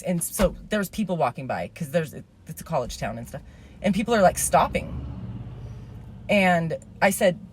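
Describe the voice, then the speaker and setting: A woman's voice: on the low side, a little hiss or hum. A woman in her thirties telling a rambling, indignant story as a vlogger, swearing and then apologizing for it.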